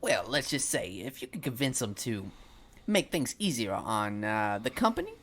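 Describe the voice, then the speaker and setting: A man's voice: medium pitch, big pitch swings, moderate pace, fairly bright tone, husky, heavily acted. A man voicing a wheedling male thug who corners someone and makes veiled threats. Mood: scheming. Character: menacing male thug enforcer.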